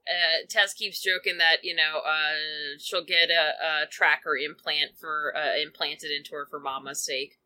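Woman player, casual rambling chat, low-pitched but very bright and forceful. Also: fairly even intonation, a little slow, hardly any pauses. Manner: rambling with many fillers. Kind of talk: casual tabletop role-play chat.

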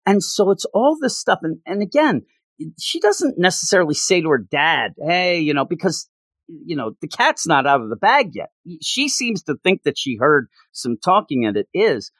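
A podcast co-host recapping a story in casual chat, rambling and restarting often, with lively retelling. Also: medium pitch, normal speed, no echo.

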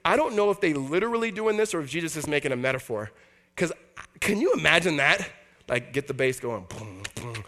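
A man's voice: sits high, sing-song, fairly quick, fairly bright tone. A man, a pastor, preaching a conversational sermon to a church congregation and acting out the voices he quotes. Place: church hall before a congregation.

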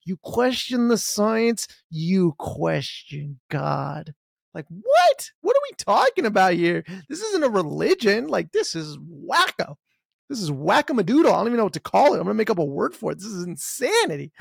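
A man's voice: sits high, gravelly, no room sound, studio quality. A man hosting a podcast, talking casually and sarcastically. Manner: sarcastic, mocks others in put-on voices. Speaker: podcast host.

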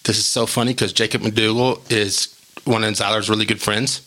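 A man with a gravelly, bright voice who chats casually and rambles through stories, jumping into lively quoted voices. He talks as a podcast co-host sharing stories with a friend. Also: fairly low pitch, a little fast. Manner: rambling, animated, acts out quotes. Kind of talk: casual storytelling chat.

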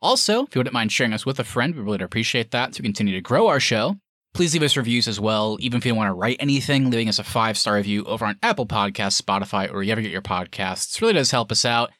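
Guy podcast host, lively swingy voice, dry close sound, hyped up. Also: on the low side, quick pace, no room sound. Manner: animated, enthusiastic outro delivery. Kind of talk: casual podcast chat.

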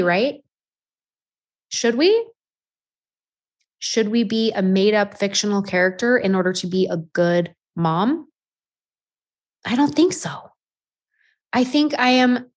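Woman in her thirties, life coach and podcast host. Candid and self-deprecating motivational talk, heavy on rhetorical questions. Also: mid-range voice.

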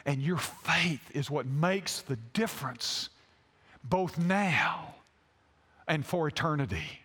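A male pastor with a high voice preaches a story-driven sermon. He stops and restarts often, filling gaps with uh and um. A long reverb fills the hall around him. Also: expressive, a bit bright, breathy edge. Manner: halting storytelling with many fillers.

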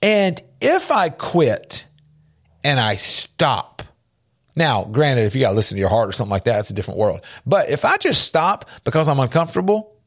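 Earnest male radio host giving a pep talk. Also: medium pitch. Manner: earnest, emphatic, repeats key phrases for effect. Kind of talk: motivational faith-based radio talk. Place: radio studio with a large window.

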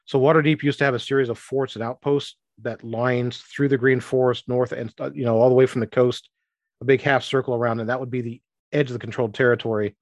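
A man's voice: medium pitch, steady tone, no room sound. A man narrating a tabletop fantasy game as game master, rambling and restarting his sentences. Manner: rambling, restarts often, voices townsfolk in quick asides.

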